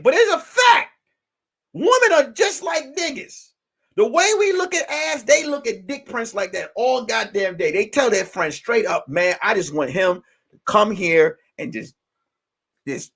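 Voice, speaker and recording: A man hosting as a comedian, ranting in a casual, profane, animated way and circling back to repeat his points. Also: very high-pitched, breathy edge. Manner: animated, profane, repetitive storytelling. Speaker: comedian host. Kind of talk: casual live-stream rant.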